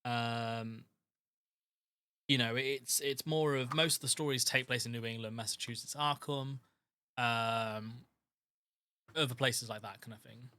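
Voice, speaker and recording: A man's voice: medium pitch, steady tone, measured pace, long pauses, bright, forceful tone, clean tone, dry recording. A man running a tabletop game as game master, explaining the rules in a hesitant way with lots of ums.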